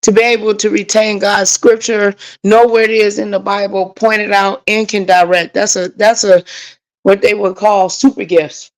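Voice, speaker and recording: A woman's voice: medium pitch, little pitch movement, normal speed, rough recording. A woman hosting a casual livestream, talking straight to her viewers in a frustrated, rambling way. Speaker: livestream host.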